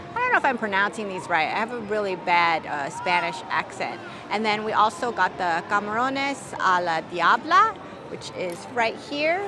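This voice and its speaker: A woman's voice: fairly high pitch, background noise. A woman food vlogger chatting casually as she tastes and reviews dishes outdoors, hedging and thinking aloud. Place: outdoors at a theme park, windy.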